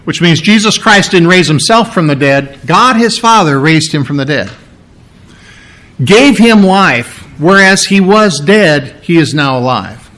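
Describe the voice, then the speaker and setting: Emphatic male preacher, slightly high voice. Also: animated, measured pace, a bit bright. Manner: emphatic, repeats key words, varies pace widely. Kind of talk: expository sermon.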